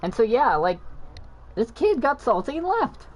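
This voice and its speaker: A man's voice: very high-pitched, big pitch swings, unhurried. A man who stutters, telling a casual gaming story with frequent restarts, mumbles and backtracking. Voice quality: stutters, mumbles when explaining. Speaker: gaming channel host.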